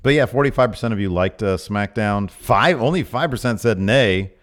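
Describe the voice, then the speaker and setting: Rambling man on a podcast. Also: normal speed. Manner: rambling, filler-heavy, animated jumps in pitch. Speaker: podcast co-host. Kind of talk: casual wrestling podcast chat.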